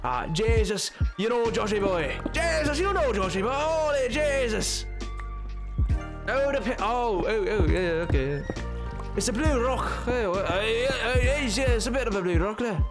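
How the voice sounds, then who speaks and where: A man's voice: extremely high pitch, lively intonation, moderate pace, over music. A man putting on an Irish accent to voice a jolly, mumbling Irish man, with tapped T sounds. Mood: jokey. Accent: put-on Irish.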